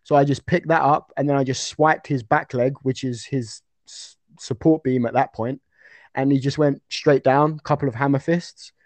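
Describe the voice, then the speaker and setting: A man's voice: mid-range voice, normal speed, no echo. Storytelling guy, dry mic. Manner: animated storytelling with restarts. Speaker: guest fighter. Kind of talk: casual podcast chat.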